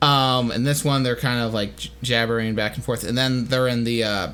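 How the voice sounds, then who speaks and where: A man hosting a casual commentary on his own cartoon, mid-pitched and rambling, circling back with fillers as he explains his choices. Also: steady tone, normal speed, fairly bright tone, clean tone. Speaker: animator, commentary host.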